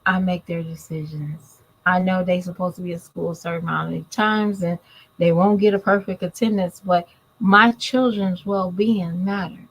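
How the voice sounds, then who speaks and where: A woman's voice: lowish voice, steady tone, moderate pace, rough recording. Blunt woman vlogger with a drawl. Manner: blunt, scolding, talks straight to viewers. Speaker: commentary vlogger. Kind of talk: casual opinion commentary.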